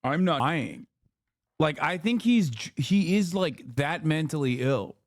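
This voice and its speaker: A male streamer riffs on clips in a loose, profane rant, full of sarcasm. His voice sits a little high for a man. The sound is dry and close, with no room around it. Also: animated, measured pace, no echo. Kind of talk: casual livestream commentary.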